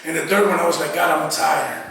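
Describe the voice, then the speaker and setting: Speaking quickly in a creaky voice on the high side, this man shares his church testimony as a guest speaker, relaxed in manner and voicing his earlier thoughts as quotes. Crowd noise accompanies the distant-mic recording from an echoey church hall, where the congregation can be faintly heard responding.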